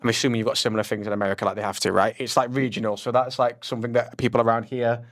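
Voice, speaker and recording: A man's voice: medium pitch, rapid-fire. A young man from England with a Nottingham accent, hosting a casual podcast chat and quizzing his guest in a chatty, teasing way. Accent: Nottingham English. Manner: chatty and teasing, animated quiz-master delivery. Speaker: podcast host.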